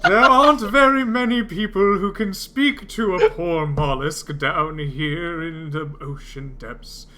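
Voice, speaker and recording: A man voicing a sleepy, lonely giant clam that speaks slowly and theatrically. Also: a little high, pushed and bright, slight background noise. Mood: wistful. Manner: drowsy, drawn-out, theatrical.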